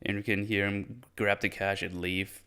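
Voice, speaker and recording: Smooth low-voiced man recapping a film. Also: flat delivery, moderate pace, sharp tone. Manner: loose and rambling, swears, acts out quotes. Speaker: film reviewer. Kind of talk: casual movie recap.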